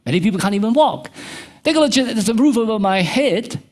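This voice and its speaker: A middle-aged man preaching a sermon as pastor, swinging between soft low asides and high emphatic peaks. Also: brisk. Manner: animated preaching, pitch jumping from low to high. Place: church.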